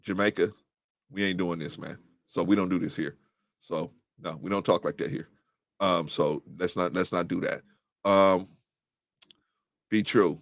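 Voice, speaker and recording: A man hosts a live call-in talk show, reading out viewer comments and answering them in a blunt, combative way. His voice sits low, and it climbs sharply when he gets heated. The sound is dry and close, with no room echo. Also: fairly even intonation, unhurried, long pauses. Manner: restarts and fillers, thinking aloud. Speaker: livestream show host.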